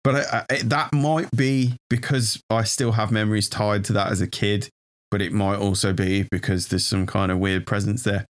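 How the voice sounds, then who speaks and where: Man, very deep voice, hesitant, lots of fillers, casual podcast chat. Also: steady tone, moderate pace. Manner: hesitant, many fillers and restarts. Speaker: podcast co-host. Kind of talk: casual conversation.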